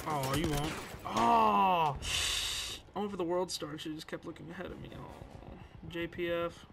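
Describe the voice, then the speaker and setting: A man's voice: fairly high pitch, moderate pace, creaky. A young man giving live commentary over his own gameplay, hyped, swearing and poking fun at himself. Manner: hyped, swearing, self-mocking banter. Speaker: gaming YouTuber. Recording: gunfire noise behind. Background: game gunfire and explosions.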